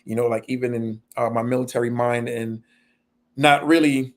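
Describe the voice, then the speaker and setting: A man's voice: mid-range voice, steady tone, moderate pace. A middle-aged man speaking earnestly in a panel discussion, self-deprecating and laughing now and then as he tells his own stories. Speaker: panel guest.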